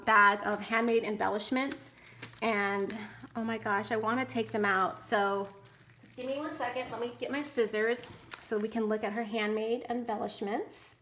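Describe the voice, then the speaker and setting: A woman's voice: on the high side, a bit bright. A woman with a slightly raised voice talks through a casual unboxing vlog. She gushes over each handmade item and exclaims often. It sounds like friendly, chatty showing-and-telling. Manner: gushing and enthusiastic, frequent exclamations. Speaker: channel host.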